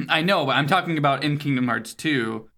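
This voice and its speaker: A man's voice: on the high side, normal speed, creaky, pushed and bright. A man co-hosting a podcast, recapping a video game's story in casual chat, rambling, swearing and laughing often. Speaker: podcast co-host.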